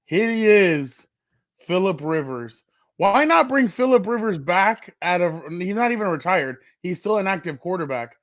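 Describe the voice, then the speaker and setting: A man co-hosting a casual sports podcast, lively and fond of spinning playful what-if scenarios. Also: sits high, moderate pace, dry recording. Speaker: podcast co-host.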